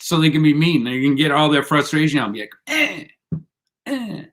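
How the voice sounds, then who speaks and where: A man's voice: on the high side, quick pace. A man hosting a casual live stream, laid-back and rambling, laughing often as he chats with viewers. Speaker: livestream host.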